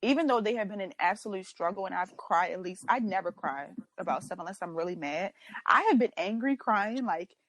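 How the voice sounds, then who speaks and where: A young woman co-hosting a podcast in casual chat, telling stories with lively quoted voices. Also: mid-range voice, a little fast, dry recording. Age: young adult. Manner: animated storyteller, acts out her own quotes. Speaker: podcast co-host.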